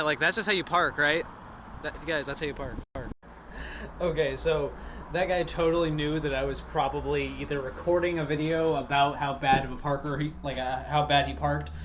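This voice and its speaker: A man's voice: on the high side, reverberant, slight background noise. A man working as a gas station attendant, talking casually in a vlog, rambling with lots of "like" and swearing freely.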